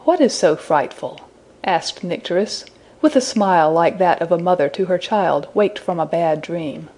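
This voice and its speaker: A woman narrating a fairy tale as a scripted audiobook reading, in a measured storytelling manner. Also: on the low side, darkish tone.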